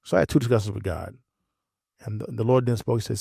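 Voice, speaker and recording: A man with a fairly low voice tells a deeply personal story in an earnest, halting way, often repeating his words. The sound is dry and close, with no room around it. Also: vocal fry, mellow, slightly rough, no room sound. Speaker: interview guest.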